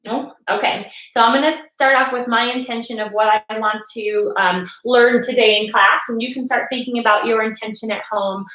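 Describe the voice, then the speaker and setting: A woman's voice: fairly high pitch, steady tone, moderate pace, hardly any pauses, sharp tone. Encouraging woman yoga teacher, echoey room. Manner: patient, encouraging, speaks to kids. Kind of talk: leading a live family yoga class. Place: home, seated on a couch.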